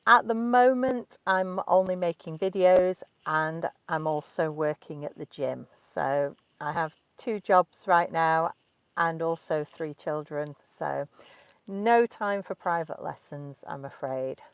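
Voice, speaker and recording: A woman in her thirties with a Derbyshire accent, an English teacher answering questions from learners in slow, clear speech, recorded inside a parked car. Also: sits low, dry recording. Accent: Derbyshire English, clearly spoken. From Derbyshire, England.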